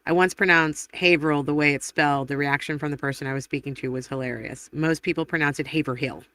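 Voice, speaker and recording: A woman hosting a casual live stream, rambling through viewer comments with quick laughs and self-corrections. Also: low voice, fairly even intonation, a bit bright. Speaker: livestream host. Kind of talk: casual livestream chat, reading viewer comments aloud.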